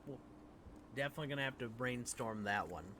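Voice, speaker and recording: Bright-voiced joking male host. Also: medium pitch, lively intonation, fast. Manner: joking, laughs often. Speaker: podcast host. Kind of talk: casual chat.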